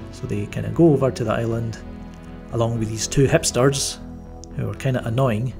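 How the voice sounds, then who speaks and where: A man's voice: mid-range voice, fairly quick, gravelly, darkish tone, soft background music. A man giving a casual spoken movie review, rambling with many fillers and restarts and a wry, mildly sarcastic edge. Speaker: film reviewer.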